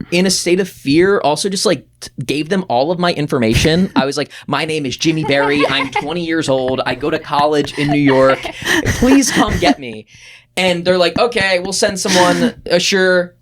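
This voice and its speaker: Man animated storyteller on a podcast. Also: normal speed, slight background noise. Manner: animated, acts out quoted voices with big pitch jumps. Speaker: podcast producer telling a story. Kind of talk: casual storytelling chat.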